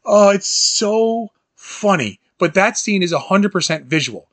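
Brief: animated man hosting a chatty film recap, high bright voice, dry close sound. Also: a little slow, dry recording. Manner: animated, quotes scenes in jumpy high voices, laughs often. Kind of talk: casual film recap chat.

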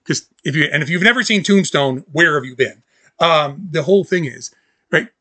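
A man co-hosting a podcast in casual chat, excitably acting out movie scenes in quoted voices. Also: a little high, normal speed, husky, no room sound. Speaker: podcast co-host.

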